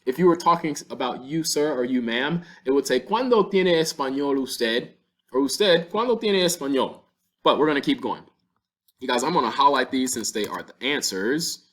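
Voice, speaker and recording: A man teaches a Spanish lesson in a classroom style. He talks patiently through each example and slows down to sound out the Spanish words. His voice sits at an ordinary middle pitch. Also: lively intonation, fairly bright tone. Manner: patient, step-by-step explaining with slowed-down Spanish examples.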